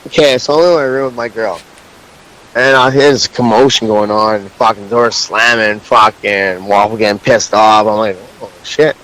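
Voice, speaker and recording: A young man in casual chat, telling crude stories with an excitable, laughing delivery. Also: on the low side, moderate pace, rough recording.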